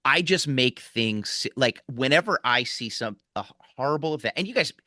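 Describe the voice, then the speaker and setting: A man in his forties from Philadelphia, talking as a guest comic in loose podcast chat. His tone is bright and forward, and he tells stories in a rambling, animated way, circling back and restarting as he goes. The sound is dry and close, with almost no room. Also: medium pitch, moderate pace, no room sound. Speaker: guest comedian.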